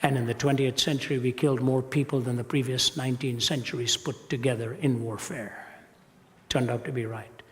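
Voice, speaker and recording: A man's voice: mid-range voice, fairly even intonation, fairly quick. A man giving a public lecture, reciting passages with dramatic, building intensity. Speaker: Christian apologist speaker. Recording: long reverb of a large hall.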